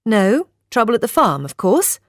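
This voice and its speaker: A woman's voice: on the high side, big pitch swings, normal speed, no room sound, studio quality, voice pushed up. A woman voicing a shaken young woman in an audiobook, her lines lifted and emotional. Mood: upset. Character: young woman narrator-heroine, shaken and upset.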